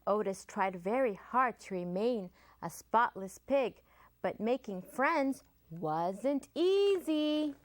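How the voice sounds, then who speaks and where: Slow, sing-song storytelling woman. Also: fairly high pitch, expressive. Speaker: children's librarian. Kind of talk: picture-book read-aloud for children.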